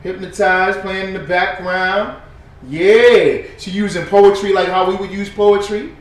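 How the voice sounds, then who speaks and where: A man's voice: sits high, fairly even intonation, unhurried. Man ranting in an echoey room. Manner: swings from muttered reading to loud profane ranting. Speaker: commentator. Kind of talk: heated reaction commentary. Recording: echoey room, distant mic, faint noise.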